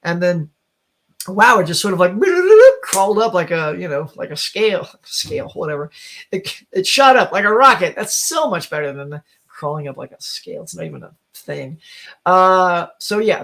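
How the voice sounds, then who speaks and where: A high-pitched middle-aged man chats casually with his live viewers. He laughs often and rambles, restarting his sentences as he thinks aloud. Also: animated, moderate pace, pushed and bright. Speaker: host. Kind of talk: casual live-stream chat.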